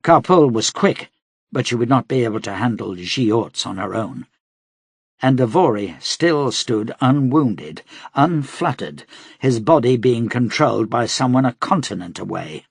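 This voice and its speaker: A man reading an audiobook aloud in a steady, dramatic manner as its narrator. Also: mid-range voice, unhurried, gravelly, husky, dry recording, studio quality. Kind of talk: scripted narration.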